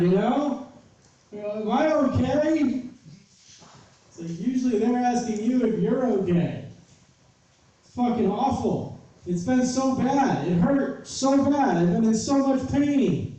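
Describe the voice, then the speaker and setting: A man with a very high-pitched, expressive, mellow voice tells a story in an unhurried, casual way, exasperated and profane, acting out the people he quotes. The recording sounds distant, with roomy echo and faint noise.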